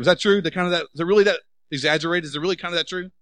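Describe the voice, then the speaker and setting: Male pastor preaching, animated, lots of questions to the crowd, dry sound. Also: high voice, very fast, no room sound, rough recording. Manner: animated, rhetorical questions to the congregation; acts out quoted voices. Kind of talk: sermon.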